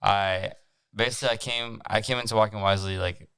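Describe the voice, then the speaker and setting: Young man from france, host, earnest, filler-heavy, lowish clear voice, dry sound. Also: steady tone, fairly quick, pushed and bright, dry recording. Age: young adult. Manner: earnest, uses "like" a lot. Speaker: podcast host. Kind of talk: casual chat.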